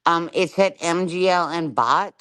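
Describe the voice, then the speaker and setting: A woman's voice: on the low side, unhurried, a bit bright, clean tone. Furious profane woman ranting on a livestream. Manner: profane, confrontational, keeps asking "right?". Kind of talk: angry live-stream rant.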